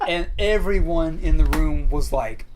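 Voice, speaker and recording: Young man, rambling storyteller, slightly high voice, casual chat. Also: unhurried, noisy background. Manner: rambling, many fillers and restarts. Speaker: crew member recounting a shoot.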